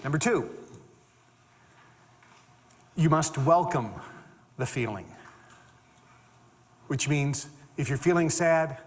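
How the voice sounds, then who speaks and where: A man giving a motivational talk, emphatic and animated, repeating phrases for stress. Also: fairly high pitch, slow, long pauses, long reverb tail. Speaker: motivational speaker.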